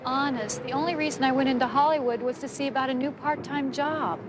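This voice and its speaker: A woman's voice: high-pitched, fairly even intonation, a little fast, over music, close to an everyday voice. An actress playing a nervous young woman who is new in town, pleading and defensive in an old TV crime drama. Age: young adult. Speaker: young woman hitching rides. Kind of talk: 1970s TV crime drama acting.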